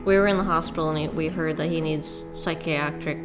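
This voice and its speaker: Lady streamer talking over her game, lowish voice, music blaring behind, kinda sarcastic. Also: steady tone, fairly quick. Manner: chatty, sarcastic, swears freely. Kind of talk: casual game commentary. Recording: music playing loudly behind.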